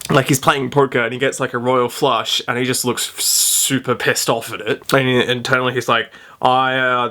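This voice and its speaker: In this storytime vlog, a young man speaks in a pushed, bright voice of medium pitch, recounting a funny school tale to camera. He rambles in a chatty, self-deprecating way, full of "like."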